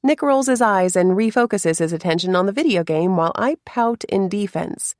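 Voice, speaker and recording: A woman narrating a first-person romance story in a soft, confiding way, with hushed asides. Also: mid-range voice, animated, moderate pace, no room sound, studio quality.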